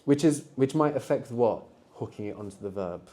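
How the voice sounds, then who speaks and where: A man's voice: medium pitch, expressive, moderate pace, dark tone. A man teaching a live beginners' language workshop to students in a classroom, patient and encouraging, explaining step by step. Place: university classroom.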